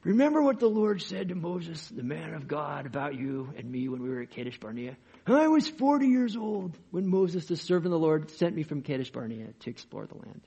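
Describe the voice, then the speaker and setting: A man's voice: on the high side, very animated, a little fast, creaky, hardly any pauses, mellow, breathy edge, voice pushed up, full character voice. Caleb, a man playing a bold 85-year-old warrior. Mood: earnest. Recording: dull lo-fi recording.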